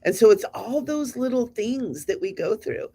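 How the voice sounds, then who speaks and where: A woman's voice: a little high, animated, moderate pace, warm tone. A woman in her fifties hosting a spiritual show, talking to her audience in an earnest, encouraging, conversational way. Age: 50s.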